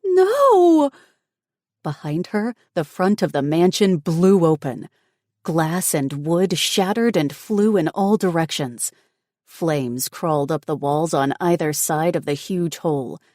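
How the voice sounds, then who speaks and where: A woman narrating an audiobook in steady, even scripted narration. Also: low-pitched, no echo, clean studio sound.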